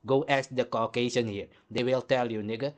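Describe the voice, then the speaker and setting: A man's voice: mid-range voice, steady tone, normal speed. A man hosting a heated, combative commentary rant, swearing throughout. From Caribbean. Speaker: host.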